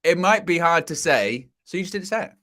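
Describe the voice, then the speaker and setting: A man, co-hosting a football podcast. His voice is bright and sits a little high, and it moves up and down a lot as he tells jokey stories. He keeps the tone light and playful. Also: fairly quick. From near Bristol, England. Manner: animated, jokey storyteller. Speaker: podcast co-host. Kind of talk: casual football chat.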